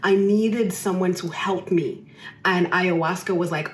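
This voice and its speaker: A woman's voice: lowish voice, steady tone, a little slow, roomy sound. A woman hosting a podcast, telling a personal story emphatically and repeating phrases for effect. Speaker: podcast host.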